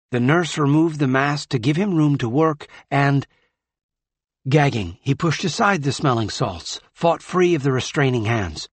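A man narrating a novel in a measured, grave manner. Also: medium pitch, husky, no echo. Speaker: audiobook narrator. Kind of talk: scripted narration.

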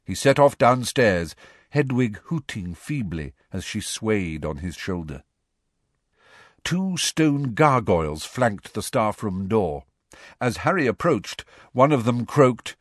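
A man narrating a storybook in an expressive storytelling manner. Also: lowish voice, slow, no room sound, studio quality. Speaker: audiobook narrator. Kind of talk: scripted narration.

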